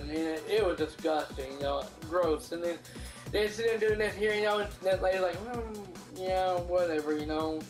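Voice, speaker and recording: A movie reviewer recapping a film in casual, profane speech, full of restarts and acted-out character lines. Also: mid-range voice. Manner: rambling, profane retelling with many restarts; acts out characters' lines in a raised voice. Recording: roomy echo, faint music behind.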